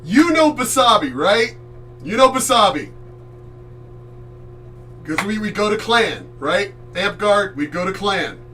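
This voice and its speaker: A man from the Chesapeake Bay area telling a story in a casual, animated way, loud, swearing freely and acting out voices. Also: high-pitched, slow, pauses often, recorded from a distance, faint music behind. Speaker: streamer host.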